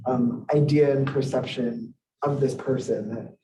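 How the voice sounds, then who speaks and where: Dark-voiced man answering from across a room. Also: medium pitch, fairly even intonation, a little slow, reverberant, distant mic, rough recording. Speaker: student. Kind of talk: answering in class.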